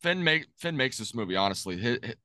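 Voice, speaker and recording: A man co-hosting a podcast, giving halting, restart-filled opinions on a movie. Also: medium pitch, sing-song, bright, forceful tone, no room sound, studio quality. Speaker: podcast co-host. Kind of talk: casual movie review chat.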